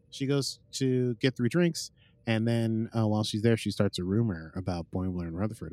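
A man's voice: low voice, darkish tone, husky. A man hosting a podcast, casually recapping an episode in a playful, jokey way that drifts into silly bits. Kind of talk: casual chat.

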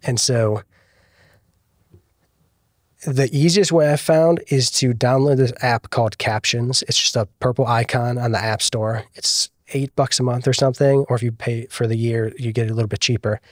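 A man, a guest video producer, explaining things in a relaxed podcast chat with frequent filler words. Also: medium pitch, normal speed, no echo, clean studio sound. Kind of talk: casual podcast interview.

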